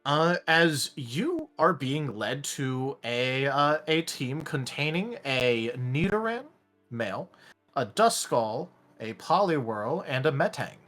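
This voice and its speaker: A man's voice: mid-range voice, animated, takes it slowly, a bit bright, soft background music. A man narrating a tabletop role-play as game master, in a rambling way with lots of fillers.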